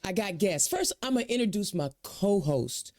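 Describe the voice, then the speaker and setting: A woman from Indiana hosting a casual political livestream, talking in an energetic, folksy way. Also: medium pitch, moderate pace. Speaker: host.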